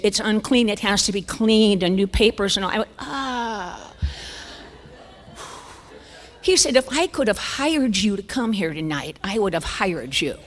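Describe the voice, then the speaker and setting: An older woman, speaking at a church conference and telling a funny story, acting out the voices with sudden jumps up and down to whispers. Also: mid-range voice. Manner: animated, acts out dialogue with voice jumps and whispers. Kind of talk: humorous storytelling talk. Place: church sanctuary. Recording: long church hall reverb.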